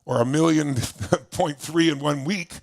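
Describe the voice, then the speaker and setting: A motivational speaker enthusiastically tells a personal story, acting out the voices of the other people in it. His voice is fairly high, at a measured pace.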